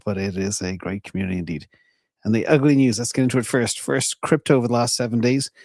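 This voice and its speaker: Man hosting lively market talk, going hoarse. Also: medium pitch, no room sound, clean studio sound. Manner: lively, emphatic, chuckles between points. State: losing his voice. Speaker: host of an investing show. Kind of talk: casual market commentary.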